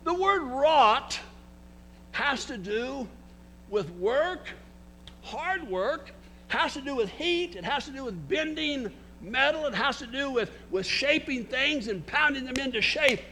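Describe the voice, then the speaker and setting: A man's voice: very high-pitched, expressive, slow, sharp tone, slight background noise. An older man preaching a sermon, emphatic, with frequent restarts and words spelled out for emphasis.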